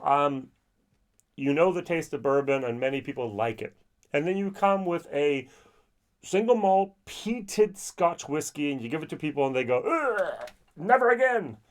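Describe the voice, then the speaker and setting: A man talking casually in a whiskey review, chatty and animated, acting out the people he meets in quick little voices. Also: on the high side.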